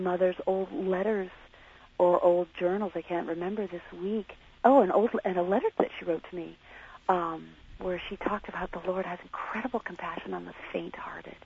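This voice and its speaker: A woman being interviewed on the radio, talking in a halting, searching way and questioning herself as she reflects. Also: lowish voice, gravelly, phone-quality sound, slight background noise. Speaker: interview guest.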